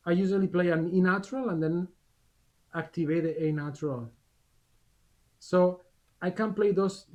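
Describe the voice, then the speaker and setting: A man's voice: on the high side, a little mellow. A male clarinet teacher giving a masterclass over a video call, with short encouraging instructions between demonstrations. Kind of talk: masterclass coaching.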